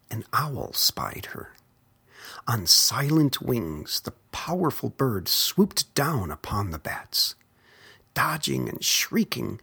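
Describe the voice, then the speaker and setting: A storyteller softly whispers a children's picture book, taking it slowly and gently. The voice is very breathy with a gravelly texture, and its pitch rises and falls expressively.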